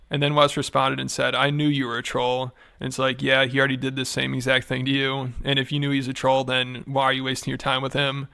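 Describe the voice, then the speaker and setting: Male narrator, bright crisp tone, flat deadpan sarcasm, dry close recording. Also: medium pitch, no room sound. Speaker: narrator of a commentary video. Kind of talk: scripted commentary narration.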